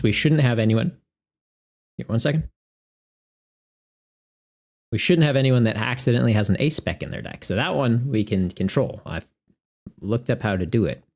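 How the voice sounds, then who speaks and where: A man chatting casually on a live stream as a tournament organizer, laughing often and joking with his viewers. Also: mid-range voice.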